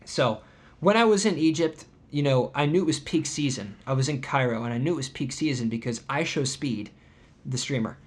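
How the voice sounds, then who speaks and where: A man's voice: mid-range voice, expressive, moderate pace. A man hosting a podcast, telling an indignant travel story in casual chat with sarcastic asides. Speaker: podcast host.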